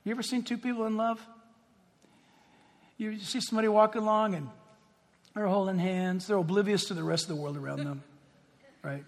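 A man preaching a sermon in an animated way, firing rhetorical questions at the congregation in a church. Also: high-pitched, fairly quick, pauses often. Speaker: pastor. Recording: long reverb of a large hall.

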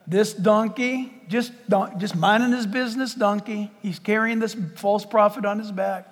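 Male pastor, sermon, animated, laughing, high voice, long hall reverb. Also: normal speed. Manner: animated, acts out scenes, laughs often.

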